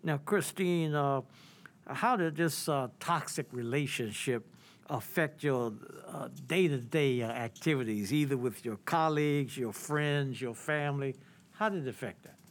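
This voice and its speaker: A man hosts the interview, asking his questions slowly and haltingly. He pauses between phrases, feeling his way through each question. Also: mid-range voice. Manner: hesitant, with many uh fillers between phrases.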